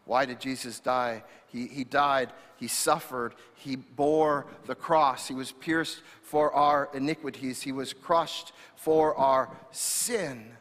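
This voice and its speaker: A man's voice: mid-range voice, steady tone, slow pace, few pauses, fairly bright tone. A male pastor preaching an impassioned sermon, often restarting with repeated words. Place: church sanctuary. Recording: reverberant church hall.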